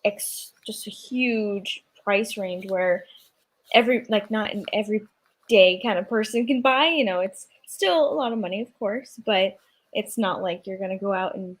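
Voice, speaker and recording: A woman's voice: mid-range voice, normal speed. A young woman co-hosting a casual chat, thinking aloud in a hesitant, agreeable way. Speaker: co-host.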